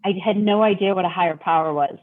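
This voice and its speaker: Over tinny, telephone-quality audio, a fast-talking middle-aged woman from Detroit with a mid-range voice speaks as a guest about her recovery. She's candid, repeats words, and dramatizes her own thoughts.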